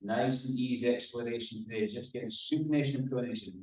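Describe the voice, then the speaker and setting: A man leading a guided exercise class as a running rehab coach, giving calm cues and counting down reps. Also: medium pitch, fast. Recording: very echoey room, mic far off.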